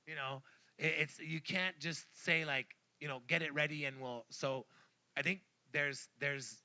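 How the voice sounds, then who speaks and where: A celebrity chef telling animated, rambling stories full of fillers, on stage at a live event. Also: male voice, on the high side, highs cut off. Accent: Montreal English. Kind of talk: casual stage chat.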